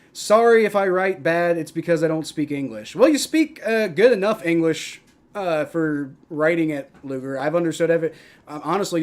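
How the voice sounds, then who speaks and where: A young man hosting a live football stream, mixing play-by-play calls with casual, profane replies to his chat, loud on big plays and mumbling in between. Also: a little high. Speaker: livestream host doing play-by-play.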